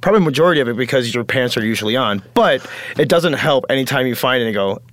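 A man's voice: medium pitch, expressive, quick pace, fairly bright tone, dry recording. A man co-hosting a podcast in casual chat from a studio, blunt and teasing, with plenty of swearing. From United States. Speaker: podcast co-host.

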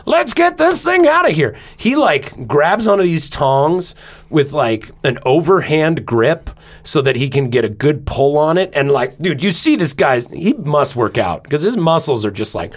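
A man on a podcast telling a personal story in casual chat, animated and swearing freely, acting out his own shouts. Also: on the high side, a little slow. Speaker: podcast co-host.

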